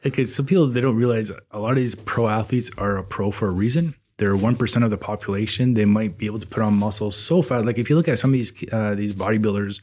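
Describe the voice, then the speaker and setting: Husky low man chatting on a podcast. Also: fast, few pauses, a little mellow. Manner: rambling, hesitant, many restarts. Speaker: podcast co-host and trainer. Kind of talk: casual podcast chat.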